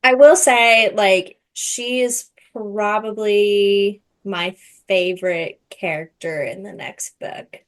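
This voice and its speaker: A woman's voice: medium pitch, steady tone, slow pace. Gushing woman podcast co-host. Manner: gushing, playful, frequent "like" fillers. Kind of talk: casual chat.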